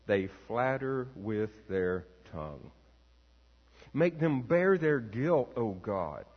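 Slow, solemn pastor in a reverberant church. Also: male voice, medium pitch, very animated. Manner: slow, measured, solemn reading. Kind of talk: sermon scripture reading and prayer. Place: church sanctuary. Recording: long reverb, dull lo-fi sound.

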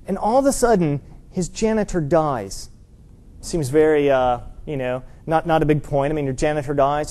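A pastor preaching an earnest, emphatic sermon in church, lifting his voice to stress key points and dropping low for a story. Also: dark tone.

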